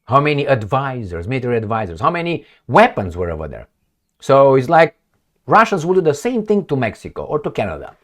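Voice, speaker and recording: A male commentator speaking off the cuff in a lively, animated way, with his pitch swinging widely. He peppers his points with rhetorical questions and sarcasm. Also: brisk. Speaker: political commentator. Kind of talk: casual opinion commentary.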